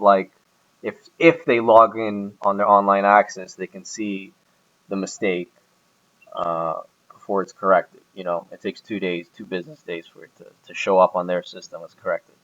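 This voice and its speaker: Guy venting about his boss, kinda low voice, lots of ums, dull lo-fi sound. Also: little pitch movement, normal speed, a bit bright. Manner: rambling, hesitant, full of ums and restarts. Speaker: employee describing his boss. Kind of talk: casual recorded conversation.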